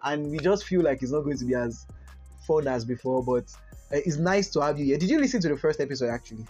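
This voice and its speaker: A man's voice: a little high, animated, fast talker, a little mellow, breathy edge, highs cut off, soft background music. A man hosting a casual podcast chat, laughing often and teasing his guest. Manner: giggly, apologetic, teasing. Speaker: podcast host.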